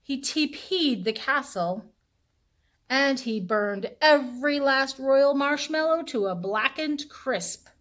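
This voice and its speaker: A woman librarian reading a picture book aloud to children in a playful, animated storytelling voice. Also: high voice, slow.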